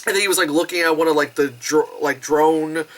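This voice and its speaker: A young adult woman chatting casually through a movie review, animated and giggly, swearing freely and acting out squealing quotes. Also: low-pitched, a little fast.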